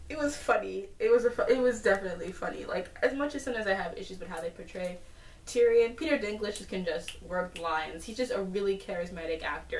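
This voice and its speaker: A woman's voice: on the low side, a little hiss or hum. Chatty woman recapping an episode. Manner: chatty, lots of fillers, animated asides. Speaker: TV episode reviewer. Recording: roomy, distant from the mic.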